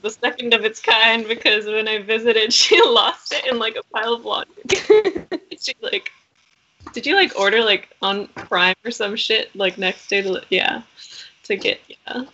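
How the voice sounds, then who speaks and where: A woman's voice: a little high, a little slow, bright, forceful tone, lo-fi sound, a little hiss or hum. A woman chatting casually on a tabletop gaming stream, rambling with lots of fillers. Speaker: tabletop game player.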